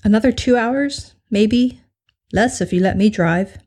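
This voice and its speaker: A woman's voice: a little high, unhurried, darkish tone. Teasing English man, read by a woman, playful drawl, flirty banter, story reading.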